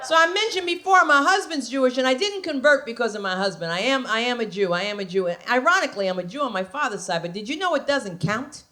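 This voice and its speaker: A woman comedian from New Jersey telling brash, animated stand-up stories on a comedy club stage. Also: on the high side, fast, hardly any pauses. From New Jersey, USA. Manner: brash, animated storytelling with put-on voices.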